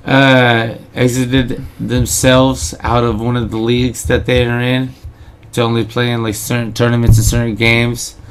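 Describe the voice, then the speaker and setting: A man's voice: mid-range voice, flat delivery, unhurried, a little hiss or hum. A man co-hosting a casual sports podcast, dismissive and teasing. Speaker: podcast co-host.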